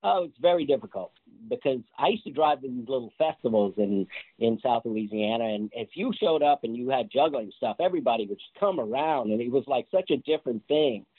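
A man's voice: mid-range voice, a little fast, breathy edge, dry recording. A man telling stories about his years as a street performer in a casual interview, laughing as he goes. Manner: animated, laughs through his anecdotes. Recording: tinny phone-like line, dry.

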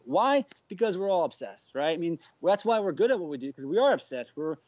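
A man guest juggler from the United States, chatting on a podcast as an animated storyteller who acts out the quotes. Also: high voice, fast, few pauses, no echo. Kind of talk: casual podcast chat. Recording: dull, dry lo-fi sound.

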